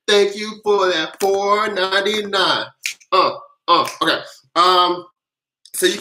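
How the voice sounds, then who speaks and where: Bright, hyped-up live-stream host. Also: mid-range voice, a little hiss or hum. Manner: hyped-up, cheerleading the chat; casual, loose, with many fillers and restarts. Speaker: tax livestream host. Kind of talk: live-stream Q&A, reading viewer questions. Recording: roomy echo.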